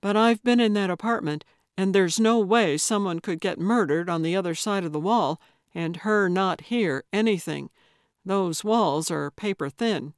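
Lady reading an earnest unsure young guy, plain voice, unhurried. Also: mid-range voice, no room sound, studio quality, close to an everyday voice. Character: young man, earnest awkward paramedic. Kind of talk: audiobook character voice.

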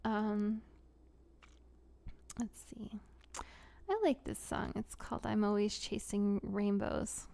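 Giggly young woman with vocal fry. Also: medium pitch, steady tone, slow pace, pauses often. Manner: giggly, rambling, with soft whispery asides. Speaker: audio creator hosting a live Q&A. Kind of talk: casual livestream chat.

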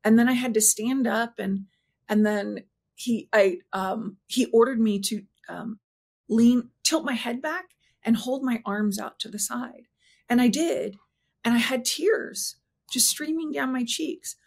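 A woman with a fairly high voice recounts a deeply personal experience. She speaks earnestly and haltingly, restarts her sentences and lets her voice slow and soften at the emotional points. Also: gravelly, husky. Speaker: interview guest. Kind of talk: personal storytelling.

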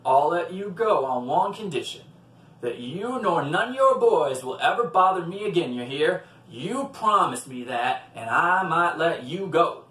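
Man doing a mean scrappy old man, gruff drawl, storybook, lively pitch, roomy. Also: measured pace. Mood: bargaining. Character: Wicked John, a mean, tough old man. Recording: roomy, from a distant mic.

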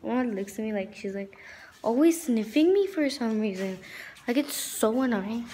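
A woman chatting casually at home for her vlog, rambling with lots of fillers and switching to high baby talk for her dog. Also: expressive, normal speed, warm tone, slight background noise. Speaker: vlogger. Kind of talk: casual day-in-the-life vlog. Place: at home indoors.

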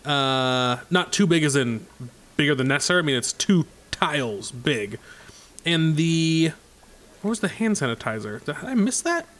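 A man doing a relaxed let's play, talking through each move as he makes it and stopping often for fillers. His voice sits a bit high and swings widely in pitch, which keeps it animated. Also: unhurried. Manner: thinking aloud, chatty, many fillers. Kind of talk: casual gameplay commentary.

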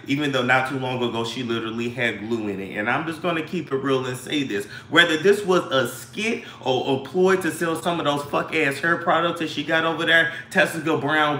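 Coughing male host, fairly high and bright, blunt and profane, in an echoey room. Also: a little hiss or hum. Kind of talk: casual gossip livestream.

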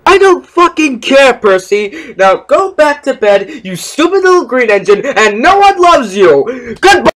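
A man delivers crude parody overdubs, swearing loudly and mocking everyone he addresses. His voice sits high and swings widely up and down. He drags his words out slowly. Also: big pitch swings. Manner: profane, loud, mocking. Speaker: parody voice-over dubber.

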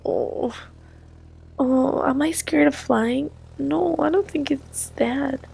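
A soft, hesitant little girl, as a woman puts her on in a toy-play story, quietly uneasy and keeping her worries to herself. The voice sits high and slow, with a dark, gravelly grain. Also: heavily acted. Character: young girl, quietly airsick, hiding it.

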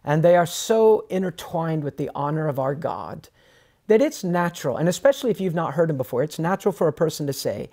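An earnest man talks on a podcast in a fairly high voice. His delivery is casual and conversational, and he slips into the voices of people he quotes. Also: expressive, fairly quick, dark tone.

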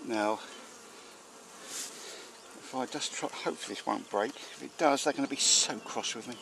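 A man, a beekeeper chatting casually as he works a hive outdoors and talks to his bees, breaking into excited exclamations. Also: medium pitch, unhurried, vocal fry, pauses often, background noise. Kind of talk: casual narration while working a hive. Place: outdoors at a beehive. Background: buzzing bees.

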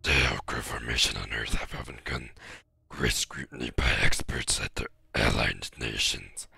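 A man voicing a growling demon that reads out lore in a deep, gravelly whisper. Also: sharp tone, no echo, exaggerated voice. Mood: ominous. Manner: slow, ominous recital of text.

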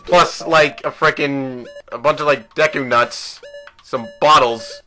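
Bright-voiced man joking through a game. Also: mid-range voice, steady tone, takes it slowly, soft background music. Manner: joking, profane, thinks aloud. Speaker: let's play host. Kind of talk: casual gameplay commentary.

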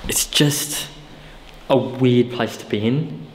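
A man speaks to the camera in a relaxed, rambling vlog style, full of fillers and quick to get spooked. His mid-range voice bounces around a bare, echoing building with a long tail of reverb. A faint background hiss sits under it. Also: medium pitch. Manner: chatty, easily spooked, lots of fillers. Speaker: co-host of a ghost-hunting channel. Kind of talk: casual vlog narration. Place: inside an empty old hospital building. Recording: echoey, reverberant room with faint noise.

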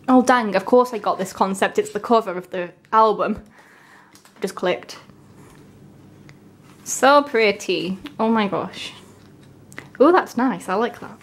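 A young woman, chatting casually and gushing with excitement as she unboxes albums. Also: medium pitch, unhurried, pauses often, a little hiss or hum. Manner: gushing, excitable, breaks into gasps and soft whispers.

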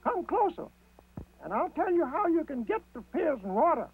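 A bold, clever trickster rabbit with a high, squeaky falsetto voice. He rallies and coaxes the other creatures in a rousing tone, and the sound is thin and tinny like an old TV recording. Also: sing-song, normal speed, full character voice.

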